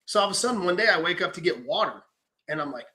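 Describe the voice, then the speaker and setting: A young man in casual podcast chat, telling animated stories, acting out quotes and swearing freely. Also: sits high, rapid-fire. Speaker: podcast host.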